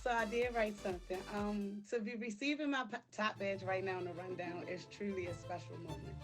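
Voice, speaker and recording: A woman's voice: mid-range voice, fairly even intonation, fairly quick, over music. A woman reading a prepared acceptance speech for a streaming award, emotional and near tears. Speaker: live-stream creator receiving an award.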